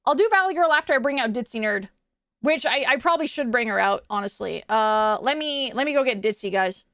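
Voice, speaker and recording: A young woman from Quebec, Canada, chats on a live stream in a high, lively voice. She rambles with fillers and swears casually. The mic is close and the sound is dry. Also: brisk, no echo. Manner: animated, swearing, many fillers.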